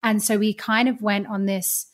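A woman's voice: medium pitch, flat delivery, normal speed. A woman with a mid-range voice speaks as a podcast guest. She talks openly and reflectively, in an easy, conversational way. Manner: open, reflective storytelling. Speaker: podcast guest, business owner. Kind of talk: casual interview chat.

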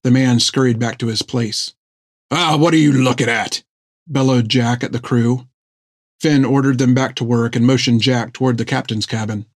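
A man reading a story aloud in scripted narration, with an even storytelling manner. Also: medium pitch, normal speed, no echo, studio quality. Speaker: audiobook narrator.

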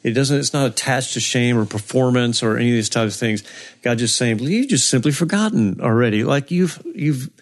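Earnest man with a gravelly voice. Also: mid-range voice, normal speed. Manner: earnest, preacherly, quotes scripture. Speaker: co-host of a recovery podcast. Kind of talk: casual faith-based podcast talk.

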